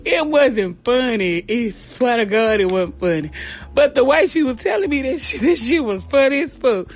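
A woman hosting a comedy podcast, telling a family story in a profane, slangy, animated way while out of breath. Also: on the high side, moderate pace. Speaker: podcast host. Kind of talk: comic storytelling.

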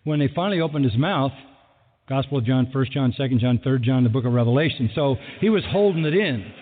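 A man preaching a sermon with lively delivery who acts out the people he quotes, recorded in a large hall. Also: mid-range voice, brisk, a little hiss or hum. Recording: phone-like sound with long hall reverb.

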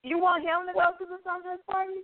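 A woman's voice: very high voice, little pitch movement, fast talker, no room sound. A woman hosting a talk show, asking teasing questions in casual banter. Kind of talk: casual chat. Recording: dry, phone-like sound.

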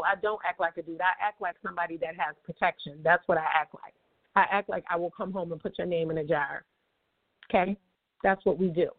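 A woman's voice: mid-range voice, no echo. A woman hosting a casual monologue, talking bluntly and heatedly, with some rambling. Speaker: show host. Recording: tinny phone-like, dry sound.

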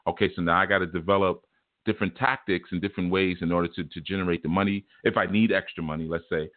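A man gives a relaxed spiritual teaching talk in a low voice. He explains his points through homespun, colloquial stories. The sound is dry and tinny, like a phone line. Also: fast, dry recording. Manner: folksy, chuckling, colloquial storytelling.

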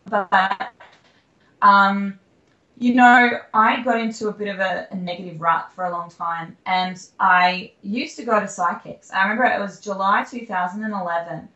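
A woman's voice: mid-range voice, fairly even intonation, moderate pace, pushed and bright, muffled recording. A young Australian woman telling her personal story candidly as an interview guest, rambling with fillers and restarts. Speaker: guest, singer-songwriter. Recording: echoey room.

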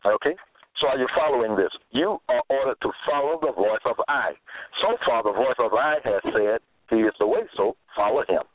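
A man's voice: medium pitch, moderate pace, slight background noise. A man preaching a sermon, exhorting and scolding his listeners and repeating his phrases. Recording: tinny phone-like, dry sound.

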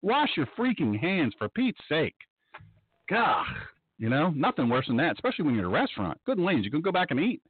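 A man hosting a talk radio show, who rants with lots of rise and fall in his voice. His voice sits a bit high for a man. The sound is dry and narrow, like a phone line. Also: fairly quick, husky, no echo. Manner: excitable, breaks into mocking high-pitched impressions. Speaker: radio show host and pastor. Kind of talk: animated talk-radio monologue.

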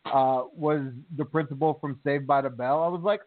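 A man co-hosting a wrestling talk show, telling stories in a chatty, animated way. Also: on the high side, normal speed. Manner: chatty, animated storytelling with fillers. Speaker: podcast co-host. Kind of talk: casual chat. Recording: tinny phone line.

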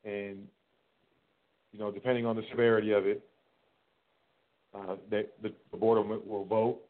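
Low-voiced man on a tinny line. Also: flat delivery, normal speed. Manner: rambling, repeats words, acts out dialogues. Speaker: host. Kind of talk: casual solo talk. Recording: tinny phone-like sound.

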